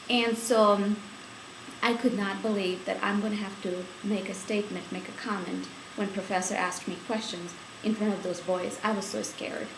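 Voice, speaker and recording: A woman's voice: medium pitch, roomy sound, noisy background. A woman from India, recalling her school days in an oral history interview, chatty and laughing often. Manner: chatty, laughing storyteller with many fillers.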